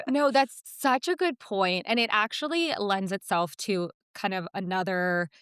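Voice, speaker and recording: A woman in her thirties co-hosting a podcast, talking candidly and self-deprecatingly about her fears, lively when she quotes herself. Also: mid-range voice, measured pace, clear, resonant tone, no room sound, clean studio sound. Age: 30s. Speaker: podcast co-host. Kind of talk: casual chat.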